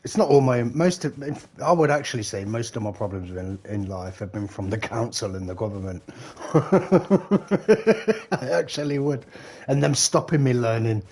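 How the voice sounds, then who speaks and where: British guy on a game stream, bit tipsy, husky voice, rambles and swears and laughs loads. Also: medium pitch, moderate pace, darkish tone. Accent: British English. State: slightly tipsy. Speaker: live streamer. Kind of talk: casual chat while gaming.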